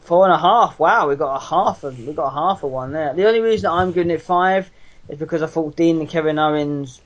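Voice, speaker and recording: A young man with a fairly high voice talks wrestling in a loose, rambling way. He swears a lot and keeps restarting his sentences as he goes. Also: brisk, highs cut off. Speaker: podcast co-host. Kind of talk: casual wrestling chat.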